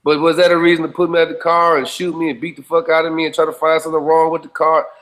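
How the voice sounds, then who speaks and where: A man with a somewhat high-pitched voice talks in a loose, conversational interview. He is blunt and profane, pressing his points hard and often turning to his listener to check they are with him. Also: monotone, quick pace, fairly bright tone, rough recording. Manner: blunt, profane, emphatic street talk; repeats checking phrases to the listener. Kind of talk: casual conversation.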